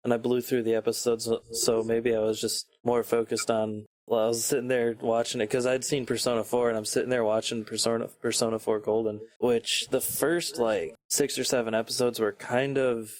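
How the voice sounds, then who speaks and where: A man's voice: medium pitch, flat delivery, fairly quick, hardly any pauses, darkish tone. A man chatting on a casual podcast, hesitant and searching for words. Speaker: podcast panelist. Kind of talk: casual chat.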